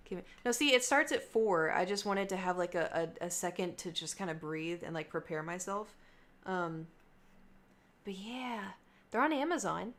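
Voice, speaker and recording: A woman's voice: lowish voice, lively intonation, normal speed, fairly bright tone. A young adult woman livestreaming, chatting casually and rambling between topics with her viewers. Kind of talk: casual chat to stream viewers.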